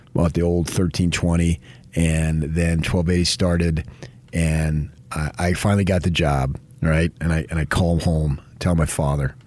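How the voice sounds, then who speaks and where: On a morning sports radio show, a man with a rumbling low voice heaps effusive, emphatic praise. He's in a studio on a studio microphone, with no echo.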